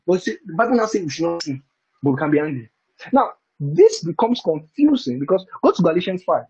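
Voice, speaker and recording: Husky guy preaching a bible study, fairly high voice, chuckles a lot, dull lo-fi sound. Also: very animated, fairly quick, mellow. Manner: conversational, keeps asking "do you understand?"; chuckles between points. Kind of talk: bible teaching sermon. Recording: dull lo-fi recording.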